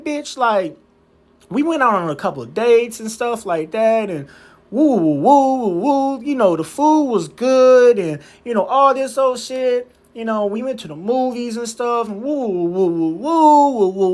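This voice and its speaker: A man's voice: very high voice, animated, moderate pace, darkish tone, pitched above the performer's own voice. A man voicing a sassy young woman gossiping with her girlfriend, rambling and profane with lots of fillers.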